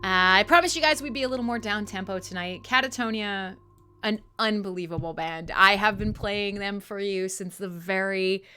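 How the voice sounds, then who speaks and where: A woman hosting a live metal radio show, chatting casually with listeners in an animated, profane way, often laughing at herself. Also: medium pitch, moderate pace, smooth.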